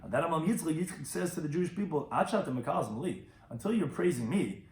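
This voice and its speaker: Animated rabbi teaching Talmud, echoey room. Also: male voice, fast. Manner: animated, rises in pitch to stress points. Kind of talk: Talmud lecture.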